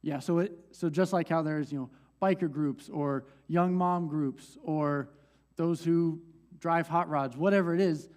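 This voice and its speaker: A man's voice: a little high, steady tone, a little slow, darkish tone. A young man pastor teaching a church group from the stage in a conversational way, with restarts and light laughs.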